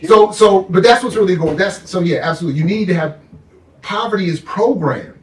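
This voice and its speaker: Sarcastic fired-up guy ranting about money and power, highish voice, echoey room. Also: expressive, brisk, far from the mic. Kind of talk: impassioned political talk. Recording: roomy, off-mic sound.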